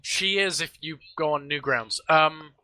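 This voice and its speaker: A man's voice: on the high side, a little slow, sharp tone, dry recording. A young man in a casual podcast chat, matter-of-fact and sweary. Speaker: podcast co-host.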